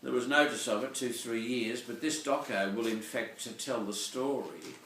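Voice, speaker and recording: This older man is a Catholic priest offering a digressive, rambling Sunday reflection, frequently pausing to find his words. His mid-range voice is a bit bright at a moderate pace, heard from far off in an echoey room with slight background noise.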